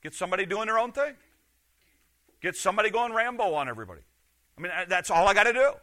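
A middle-aged man, a pastor, preaching a sermon with emphatic rhetorical questions that swing from loud to hushed. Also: high-pitched, expressive, fast talker.

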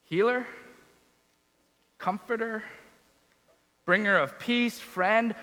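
A man's voice: high-pitched, animated, unhurried, sharp tone, big-room sound, rough recording. A man giving a reflective sermon, asking questions and repeating phrases. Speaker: preacher.

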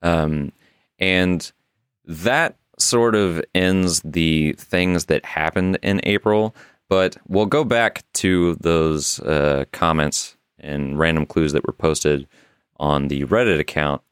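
A man's voice: deep voice, slow pace, clear, resonant tone, no room sound, clean studio sound. A man co-hosting a podcast, loosely recapping an internet mystery with some swearing and frequent laughs. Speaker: podcast co-host. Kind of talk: casual podcast story recap.

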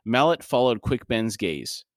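A man's voice: mid-range voice, sing-song, a little slow, no echo, clean studio sound. A man co-hosting a podcast who reads a novel aloud and breaks off into casual commentary. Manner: reads narration, then breaks off into chatty asides. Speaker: podcast co-host and reader.

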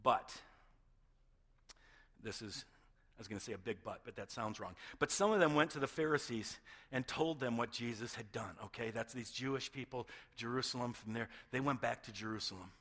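A man's voice: mid-range voice, normal speed, fairly bright tone, long reverb tail. A man preaching a sermon as pastor, talking conversationally and often checking in with his listeners. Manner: conversational, checks in with "okay?" and "right?".

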